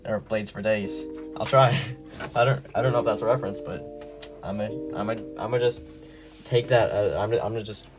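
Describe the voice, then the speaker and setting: A man's voice: on the low side, steady tone, moderate pace. A young man chatting casually on a livestream while he draws, rambling and laughing at himself. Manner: rambling, giggly, self-deprecating. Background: background music.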